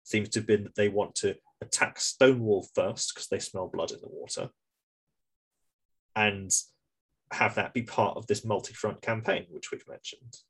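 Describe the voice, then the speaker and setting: A man's voice: lowish voice, normal speed, a bit bright, slightly rough. A man co-hosting a podcast in casual political chat, swearing freely and stumbling over repeated words. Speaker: podcast co-host.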